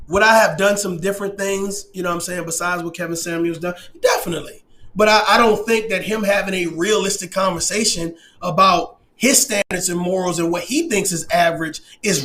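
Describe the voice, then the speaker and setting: A man delivering a passionate opinion rant, emphatic and often shouting, swearing and laughing through his points. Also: very high-pitched. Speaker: commentator.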